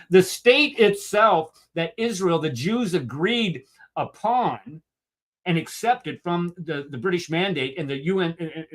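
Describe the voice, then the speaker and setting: A man from the United States hosts a commentary show and rants with sarcastic indignation. His voice is a little higher than most men's and swings widely in pitch as he gets worked up. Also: fairly bright tone. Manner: emotional ranting. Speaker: host. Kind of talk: heated commentary on a video.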